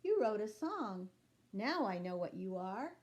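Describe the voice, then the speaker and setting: A woman reading aloud and voicing a loud, eager, cheerful bean in a children's storybook. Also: medium pitch, big pitch swings, measured pace. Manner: bouncy, eager questions. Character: loud excitable musical bean, cheerful and chatty.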